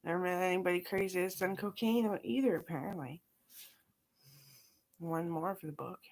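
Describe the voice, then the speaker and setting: A middle-aged woman with a lowish voice, rambling through a casual vlog monologue. She swears often and trails off into scattered asides. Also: normal speed, darkish tone. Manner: profane, scattered, talks in run-on asides. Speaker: vlogger.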